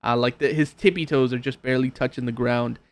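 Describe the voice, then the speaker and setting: A man narrating as game master, hesitant and filling pauses with uh and um. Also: medium pitch, steady tone. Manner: hesitant, lots of uh and um.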